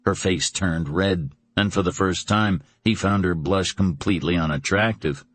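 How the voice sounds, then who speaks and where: A man narrating an audiobook in a measured, dramatic storytelling manner. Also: deep voice, no room sound. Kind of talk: scripted narration.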